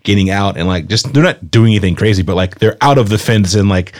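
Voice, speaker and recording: A young man from rural North Carolina, hosting a casual podcast chat and telling lively stories with frequent laughs. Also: lowish voice, fast. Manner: animated storyteller, laughs often, lots of "like". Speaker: podcast host.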